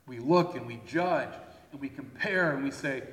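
A pastor with a mid-range, slightly bright voice preaches at a moderate pace, keeping his sermon conversational and frequently checking in with listeners. The sound is echoey, as if recorded in a hall.

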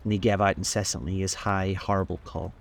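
A man narrating a classic novel aloud as host of a storytelling show, in a measured, steady manner. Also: sits low, creaky. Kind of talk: audiobook-style novel reading.

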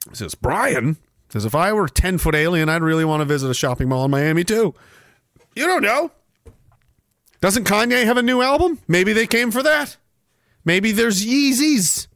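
Sarcastic guy on a livestream, high voice, swears a lot, dead dry sound. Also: lively intonation, a little slow, gravelly, long pauses, a bit bright, dry recording. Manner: profane, sarcastic, laughs often. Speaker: livestream host reading viewer comments. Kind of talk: casual livestream commentary.

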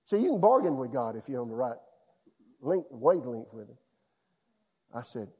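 A man preaching as a church pastor, telling a personal story in an animated way and often dropping suddenly to a quiet voice. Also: mid-range voice, moderate pace, pauses often, breathy edge, long reverb tail. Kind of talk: sermon.

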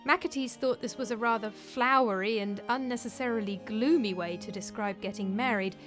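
A woman narrates a story in a measured, steady reading voice. Her pitch sits in a middle range, and a faint musical instrument plays behind her.

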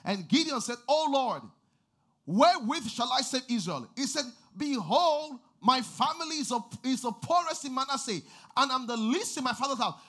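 High, bright-voiced preacher. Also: male voice, expressive, normal speed. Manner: preaching, rising to shouting and sing-song exhortation. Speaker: pastor. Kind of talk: sermon.

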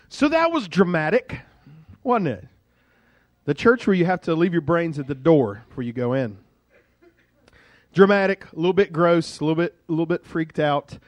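A male pastor preaching a sermon in a lively, conversational storytelling way. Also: fairly high pitch, no echo.

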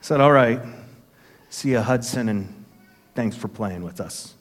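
A man's voice: medium pitch, a little slow, slight background noise. A man in his fifties, a pastor preaching a sermon in a church, telling a personal story and acting out the voices in it with earnest conviction. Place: church sanctuary. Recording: long hall reverb.

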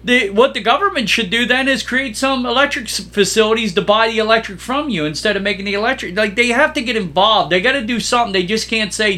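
A man's voice: high-pitched, fast, few pauses. A man co-hosting a podcast in casual chat, telling stories animatedly and acting out the people he quotes. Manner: animated storyteller, acts out quoted exchanges. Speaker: podcast co-host.

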